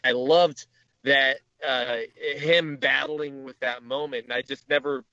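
A man's voice: medium pitch, steady tone, measured pace, bright, forceful tone, no room sound, dull audio. A man co-hosting a casual podcast chat, rambling with lots of restarts. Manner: rambling, many restarts and fillers. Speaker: podcast co-host. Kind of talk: casual chat about movies.

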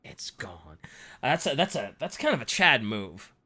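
Bright, wildly expressive podcast co-host. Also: medium pitch, brisk, husky. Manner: reactive, exclaims and slangy. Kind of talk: casual chat.

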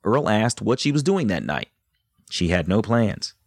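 A man hosting and narrating a documentary in a measured way, adding brief reactions while his guest talks. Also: fairly low pitch, big pitch swings, no room sound, clean studio sound. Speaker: host and narrator.

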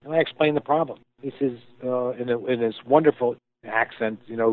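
A man being interviewed, telling a story with thoughtful pauses and frequent restarts as he explains things. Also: medium pitch, no echo. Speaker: guest, company founder. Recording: tinny phone-like line, dry.

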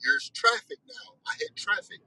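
A man's voice: moderate pace, sharp tone, dry recording, low-quality recording. A man hosting a weekly discussion, telling a story in a casual monologue with exasperated, profane and self-reflective talk.

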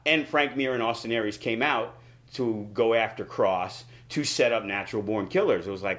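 A man in a casual interview telling the story of a big wrestling show. He talks in an animated way and leaps up in pitch when he quotes people. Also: brisk. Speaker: wrestling promoter.

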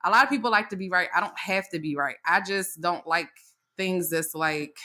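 Woman ranting candidly on a podcast, bright sharp voice, swears a lot, laughs a lot. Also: moderate pace. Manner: candid storytelling, swears freely, acts out quotes; laughs often, pitch jumps up when excited. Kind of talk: casual chat.

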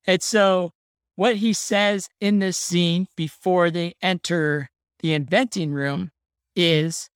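Excitable woman chatting, dry mic. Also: fairly low pitch, slow, smooth, no room sound. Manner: excitable, laughs often, says "like" a lot. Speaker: podcast co-host. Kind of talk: casual chat about a film.

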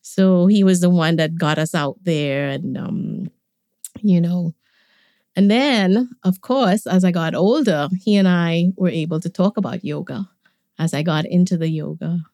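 A woman, a podcast guest, tells stories about her family in a relaxed way and laughs often. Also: on the low side, a little slow, no echo, clean studio sound. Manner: warm reminiscing, laughs often. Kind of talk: conversational storytelling.

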